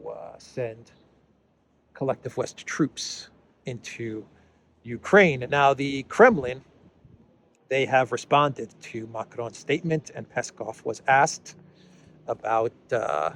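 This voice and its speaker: A man hosting solo political news commentary in a conversational way, with frequent fillers, restarts and emphatic repeats of key phrases. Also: mid-range voice.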